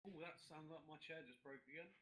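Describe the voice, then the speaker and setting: A man's voice: on the high side, quick pace, sharp tone. A man, the server's creator, chatting casually in a dry, matter-of-fact way. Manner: dry, matter-of-fact, then blunt insults. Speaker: creator of the role-play server. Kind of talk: casual chat.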